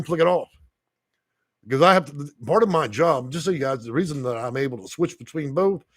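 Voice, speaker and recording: A man's voice: a little high, no room sound. A man, a housing consultant ranting on a livestream and reading the chat, heated and profane with bursts of laughter.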